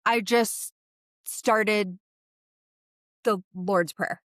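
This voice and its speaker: A woman's voice: mid-range voice, fairly even intonation, fairly bright tone, dry recording, clean studio sound. A woman who works as a medium, a guest in an interview, vividly recounting a personal experience. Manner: vivid storytelling, speeding up and slowing down with the story.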